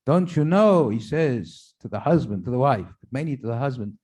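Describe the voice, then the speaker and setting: A man, a rabbi, telling jokes at a tribute event in a synagogue, pausing with fillers and restarts and slipping into German and Yiddish phrases for his characters. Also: mid-range voice, animated, warm tone, breathy edge. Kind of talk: stand-up joke telling at a tribute.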